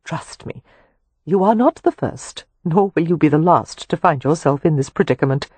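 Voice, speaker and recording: A woman reading a gentle, tactful society matron in a historical romance audiobook. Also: low-pitched, lively intonation, normal speed, husky.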